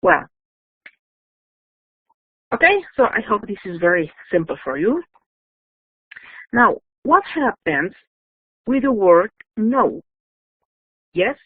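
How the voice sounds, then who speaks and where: English teacher. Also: female voice, medium pitch, big pitch swings, takes it slowly, pauses often, slightly rough, no room sound. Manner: patient, repeats checks like "yes?" and "okay?". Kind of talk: online grammar lesson. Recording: dry, phone-like narrow sound.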